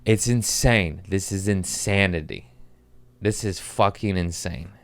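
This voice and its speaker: A comedian hosting his podcast speaks in a low, unhurried male voice. He rants with exasperation and plenty of profanity, landing lines with comic timing.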